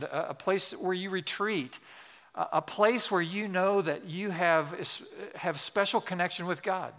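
A male pastor preaching a sermon in an earnest, exhorting way, slowing down to stress key words. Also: high-pitched, bright, forceful tone. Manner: earnest, exhorting, slows for emphasis.

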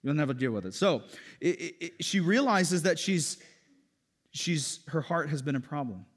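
A fairly high-voiced man preaching a sermon. He talks with animated emphasis and his voice pushes upward on key points, with a long church reverb trailing behind each phrase. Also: normal speed. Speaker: pastor. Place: church sanctuary.

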